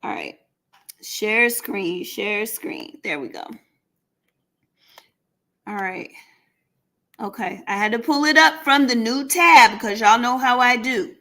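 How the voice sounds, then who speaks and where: A woman hosting a live stream in a casual, chatty way. She keeps talking to her viewers as y'all and breaks into excited shouts and laughs. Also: a little high, takes it slowly, long pauses. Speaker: livestream host running a giveaway. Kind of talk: casual livestream chat with viewers. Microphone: computer mic on a live stream.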